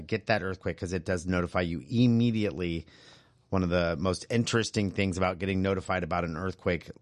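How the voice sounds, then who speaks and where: A man working as a radio DJ, chatting casually between songs from a studio booth, relaxed and prone to laughing asides. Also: sits low, no room sound. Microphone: studio microphone with headphones.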